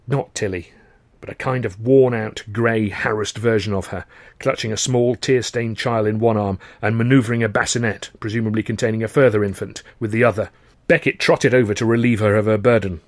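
A man reading his own novel aloud in measured, wry first-person narration. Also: fairly low pitch, no room sound.

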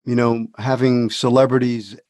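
A man's voice: medium pitch, level tone, moderate pace, a little mellow, dry recording. A man hosting a podcast, chatting enthusiastically with his guest and asking him questions. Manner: enthusiastic, effusive praise. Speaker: podcast host. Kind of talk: conversational interview.

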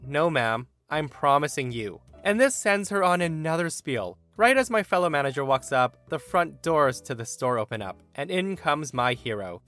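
Animated male storyteller. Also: a little high. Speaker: story narrator and podcast host. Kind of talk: storytelling narration of reddit posts.

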